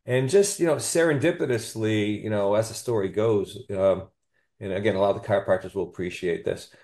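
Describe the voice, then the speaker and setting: A man with a fairly low, gravelly voice recounts a patient story as a podcast guest. He sounds enthusiastic and keeps checking in with "you know" and "okay?" as he tells it. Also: a little fast, a little mellow. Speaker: chiropractor guest.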